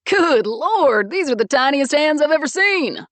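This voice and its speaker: A woman's voice: high-pitched, big pitch swings, measured pace, a bit bright, no room sound, pitched above the performer's own voice, heavily acted. A woman voicing a huge, teasing male police officer who bellows his lines.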